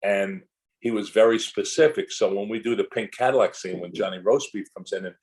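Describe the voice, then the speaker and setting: A man's voice: lowish voice, fairly even intonation, fairly quick, a little mellow, poor audio. An older man, an actor guest in a casual interview, telling long rambling anecdotes full of restarts and asides.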